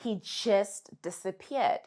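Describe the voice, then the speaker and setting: Animated, sassy South African woman. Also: medium pitch, slow pace. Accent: South African English. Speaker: vlogger giving advice. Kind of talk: casual advice monologue.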